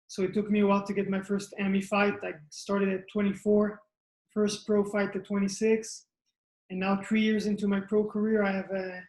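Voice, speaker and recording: A man, a fighter answering interview questions in plainspoken short phrases. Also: sits high. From Israel. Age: 20s. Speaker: mixed martial arts fighter. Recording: echoey room.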